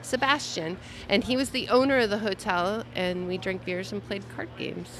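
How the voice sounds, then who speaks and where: A woman guest telling a travel story in casual chat, wry and relaxed. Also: mid-range voice, moderate pace.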